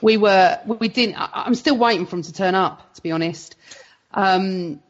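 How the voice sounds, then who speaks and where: Give me an animated woman on a slightly muffled line, swearing freely as she rants. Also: mid-range voice, moderate pace, slight background noise. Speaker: podcast guest. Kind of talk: casual podcast chat.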